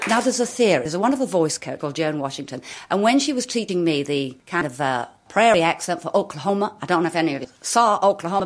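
Brief: actress with a fairly low voice, animated and self-mocking, telling stage anecdotes. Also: female voice, fast, few pauses. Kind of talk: anecdotal talk.

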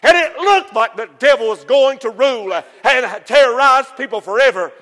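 A man preaching a sermon with passion, rising to shouts for emphasis. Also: very high voice, expressive, moderate pace, in a large hall.

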